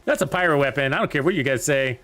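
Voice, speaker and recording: Chatty man with a higher voice. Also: animated, fast, fairly bright tone, soft background music. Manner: rambling, chatty, lots of fillers. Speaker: game streamer. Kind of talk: casual gameplay commentary.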